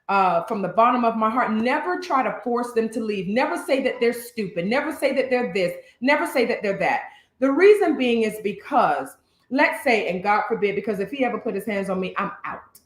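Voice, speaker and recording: A woman therapist talking earnestly and emphatically straight to her listeners, stumbling now and then as she picks her words with care. Her voice sits a little high for a woman. The sound bounces around a reverberant room. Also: animated, normal speed. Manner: stutters a little, choosing words carefully. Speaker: therapist and social worker, co-host. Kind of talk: casual couple's talk show.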